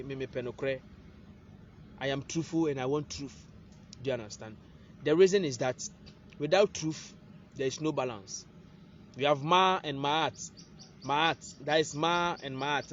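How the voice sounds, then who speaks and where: A man's voice: on the high side, muffled recording, a little hiss or hum. Man teaching with constant questions. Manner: rhetorical questions, prompting "what?". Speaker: spiritual teacher. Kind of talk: casual teaching monologue. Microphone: phone.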